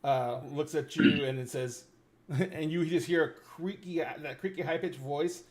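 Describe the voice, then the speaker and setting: A man serving as game master, narrating the scene in a loose, chatty way with many fillers. His voice sits a little high for a man. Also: a little slow, darkish tone.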